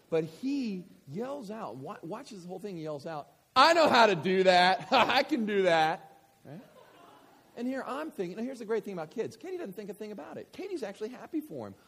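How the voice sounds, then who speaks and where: High, animated male pastor preaching. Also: in a large hall, a little hiss or hum. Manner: storytelling, animated, swings from hushed to shouting. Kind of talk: sermon. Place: church hall with audience.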